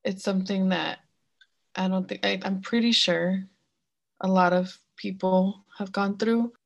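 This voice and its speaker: A soft-spoken woman co-hosting a podcast, her voice gravelly with vocal fry. She talks in a supportive, casual way, and the recording sounds dull and muffled. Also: medium pitch, fairly even intonation, unhurried. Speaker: podcast co-host.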